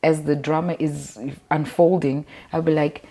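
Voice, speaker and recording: A woman's voice: deep voice, unhurried. A woman from Zimbabwe, chatting at home as an interview guest and animatedly telling stories about her life. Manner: animated, acts out quotes with lively voices. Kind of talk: casual storytelling chat.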